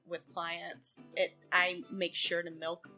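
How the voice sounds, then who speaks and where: A woman with a Texan accent co-hosting an art podcast in casual, animated chat, laughing often and talking fast when excited. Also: fairly low pitch, soft background music. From Texas, USA. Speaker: podcast co-host.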